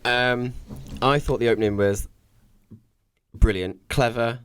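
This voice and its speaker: A British man appearing as a guest on a film podcast, talking in a relaxed, halting way with fillers. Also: medium pitch, clear, resonant tone. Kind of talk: casual film review chat.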